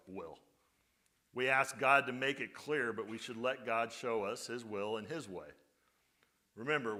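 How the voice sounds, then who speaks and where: A man's voice: on the low side, sharp tone. A male pastor giving a conversational sermon, often putting rhetorical questions to his congregation.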